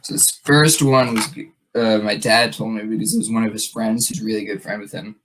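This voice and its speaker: A man hosts a casual podcast and tells a story. He rambles along with plenty of fillers and restarts. His voice sits a little low. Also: fairly even intonation, fairly quick, fairly bright tone, slight background noise, low-quality recording. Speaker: podcast host.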